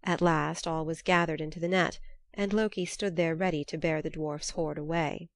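Woman, storybook narrator, measured reading, fairly low voice, dry close sound. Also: steady tone, dry recording.

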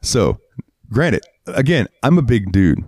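A man's voice: mid-range voice, sing-song, slow pace, darkish tone, dry recording. A man co-hosting a podcast, telling a heated, profane story in casual chat and acting out what people said. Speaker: podcast co-host.

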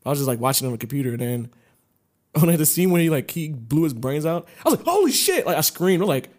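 A young man co-hosting a casual podcast, swearing freely and laughing often as he tells animated stories. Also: a little high, fast. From Atlanta area. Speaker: podcast co-host.

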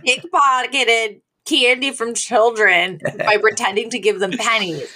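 A woman co-hosting a podcast, retelling a sitcom episode in animated, casual chat. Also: fairly high pitch, measured pace, a little hiss or hum. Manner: animated storytelling, acting out quotes, frequent laughter. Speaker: podcast co-host.

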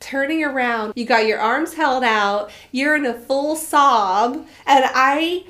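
A woman's voice: high voice, slow pace, sharp tone. A woman guest on a podcast, talking through a shared adventure in an earnest, reflective and enthusiastic way. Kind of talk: casual conversational storytelling.

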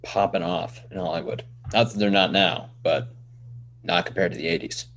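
A man co-hosting a casual podcast chat, teasing his partner with quick asides. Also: sits low, fairly even intonation, fairly bright tone, a little hiss or hum. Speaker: podcast co-host.

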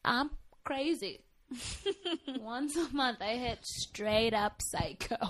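A woman in her twenties, co-hosting a podcast in casual chat, talking quickly with a lot of "like" and frequent laughs. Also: fairly high pitch, animated. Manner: chatty, laughing, many "like"s. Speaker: podcast co-host.

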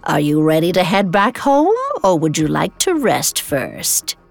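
Lady doing a friendly storybook hostess, a bit lower and slow, chatty. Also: very animated, creaky, soft background music, exaggerated voice. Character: hospitable woman living alone in a sweet house.

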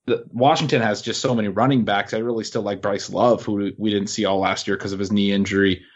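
Podcast analyst, man, lowish voice, muffled lo-fi sound, measured and stat-heavy. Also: fairly even intonation. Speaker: fantasy football podcast co-host. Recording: muffled lo-fi audio.

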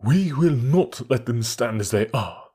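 A man's voice: medium pitch, expressive, measured pace, dark tone, breathy edge. A man voicing a stubborn, indignant banker in an audiobook, firm and insistent. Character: stubborn, indignant middle-aged male banker. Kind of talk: audiobook character reading.

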